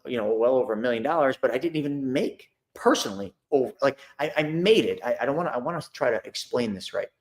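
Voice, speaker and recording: A middle-aged man talks straight to his online audience in a loose, conversational way. He circles back and repeats himself, and he acts out his phone calls. His voice sits at an ordinary middle pitch. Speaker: host of a money and investing talk. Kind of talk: casual live talk to an online audience.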